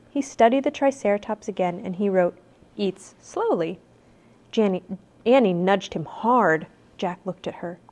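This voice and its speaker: A woman reads a children's adventure book aloud at home. Her pitch sits in the middle range. She gets animated, jumping higher and louder whenever the young characters speak. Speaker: parent reading aloud.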